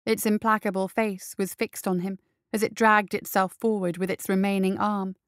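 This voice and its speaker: Smooth, crisp woman narrating a story. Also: mid-range voice, level tone, normal speed, no room sound, clean studio sound. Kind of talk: storybook reading.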